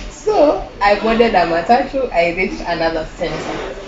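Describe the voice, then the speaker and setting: Animated young Kenyan woman, muffled recording. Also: medium pitch, a little slow. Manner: animated, laughing, mixing in Swahili phrases. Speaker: guest. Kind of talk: personal storytelling in an interview. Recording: muffled with clear background noise.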